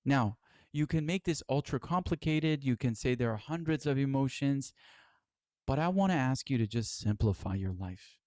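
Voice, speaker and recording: A man's voice: medium pitch, lively intonation, moderate pace, a little mellow, no echo, clean studio sound. A middle-aged man giving a spiritual lecture as its teacher, earnest and exhorting, with casual swearing.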